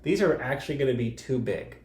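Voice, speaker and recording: Male art teacher, mid-pitched, patient, step-by-step delivery for young children; reverberant room. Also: animated, brisk, a little mellow. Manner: patient step-by-step explaining with fillers.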